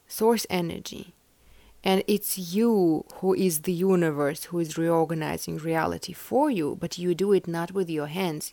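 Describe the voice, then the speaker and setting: A woman's voice: fairly low pitch, a little mellow, no room sound. A young woman hosting a podcast, chatting casually and giving a collective tarot reading, meandering with many fillers. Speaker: podcast host.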